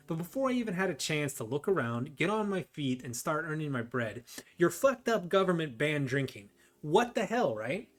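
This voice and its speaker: A cocky, foul-mouthed mobster out of a game , voiced by a man. He talks in hard gangster patter with a wobbling put-on accent that slides between New York and Irish, his voice pitched fairly high and loud. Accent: mixed put-on gangster New York and Irish. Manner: tough gangster talk, heavy swearing.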